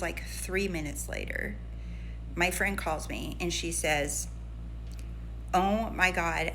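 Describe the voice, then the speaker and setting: A woman's voice: lowish voice, a little hiss or hum. A woman casually telling a story to her audience, animatedly acting out what she and a friend said. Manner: animated, acts out quoted voices in a retelling. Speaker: lifestyle and manifestation creator.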